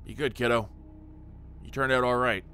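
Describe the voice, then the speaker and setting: A man voicing a kind, ghostly father who speaks softly from across a dark table. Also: medium pitch, fairly even intonation, normal speed, smooth, close to an everyday voice. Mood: gentle. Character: gentle ghostly father figure, distant and kind.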